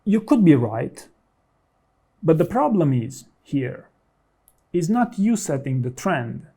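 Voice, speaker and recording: A man's voice: on the high side, big pitch swings, takes it slowly, warm tone, slightly rough. A man working as a career coach, talking straight to the viewer and giving direct, instructive advice. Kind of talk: advice talk to camera.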